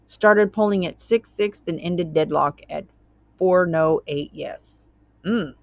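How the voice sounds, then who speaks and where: A woman's voice: fairly low pitch, no echo, highs cut off. A woman hosting her own channel, reading a court document aloud and commenting on it in a chatty way, tripping over words and wandering into tangents.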